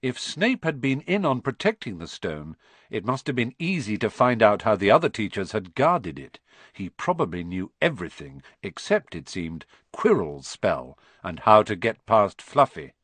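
A man narrating an audiobook in an expressive storytelling manner. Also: lowish voice, moderate pace, no room sound.

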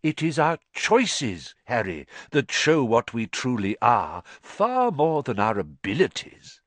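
A man voicing a calm, kindly old headmaster wizard who talks slowly and softly in a storybook reading. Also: mid-range voice, no room sound, voice pushed up, full character voice. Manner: slow, soft, gentle and thoughtful.

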